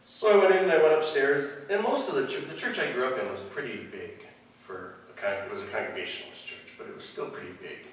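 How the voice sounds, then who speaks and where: Wry storytelling pastor in echoey hall. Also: male voice, mid-range voice, fast talker. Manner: relaxed, wry, anecdotal. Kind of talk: storytelling sermon. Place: church hall. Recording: echoey hall, mic far off.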